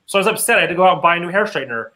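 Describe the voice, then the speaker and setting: Bright chatty man full of fillers. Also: high-pitched, expressive, rapid-fire, rough recording. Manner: chatty, filler-heavy, swearing. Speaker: podcast co-host. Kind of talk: casual chat, storytelling.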